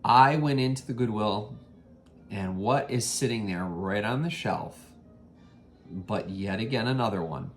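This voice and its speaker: Rambling low-voiced man chatting. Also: measured pace, soft background music. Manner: rambling, with many ums and self-corrections. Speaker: vintage reseller and vlog host. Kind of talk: casual thrift haul chat.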